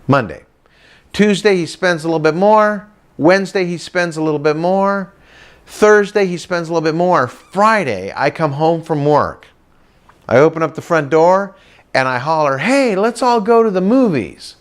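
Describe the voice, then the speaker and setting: Lively storytelling man, higher voice. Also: normal speed, clean tone. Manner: lively storyteller who breaks into sing-song voices for his characters. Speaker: comedic motivational speaker. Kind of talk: stand-up storytelling to a live audience.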